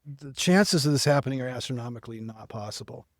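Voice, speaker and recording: A middle-aged man recounts his life in an earnest, conversational way. His voice sits in an ordinary middle pitch. The sound is close and dry, with no room around it. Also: expressive, fast talker, no room sound. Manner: earnest storytelling with quoted dialogue. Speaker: podcast guest. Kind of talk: personal testimony in casual talk.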